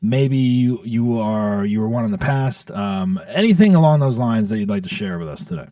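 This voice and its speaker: A man's voice: medium pitch, animated, moderate pace, warm tone, dry recording, clean studio sound, distant mic. A man hosting a comedy podcast, talking in a loose, rambling way with many ums and restarts. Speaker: podcast host. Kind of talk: casual podcast chat.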